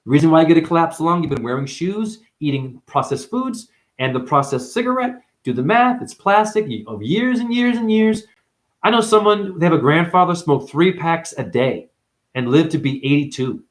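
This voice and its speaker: A man giving a rambling spiritual livestream monologue, profane and full of sudden jumps in pitch. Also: animated, moderate pace. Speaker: spiritual vlogger.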